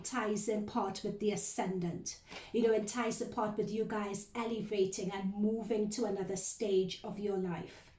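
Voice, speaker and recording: A woman's voice: mid-range voice, warm tone. A woman giving a recorded tarot reading to her viewers, talking earnestly and rambling a little as she speaks straight to them as "you guys". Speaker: tarot reader. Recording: roomy echo, voice distant from the mic.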